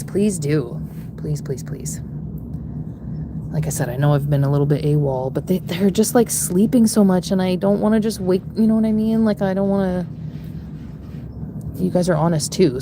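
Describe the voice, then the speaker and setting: Excitable woman with lively pitch, noisy room. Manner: chatty, excitable, coos baby talk to pets. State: sore back. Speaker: vlogger. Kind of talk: casual chat.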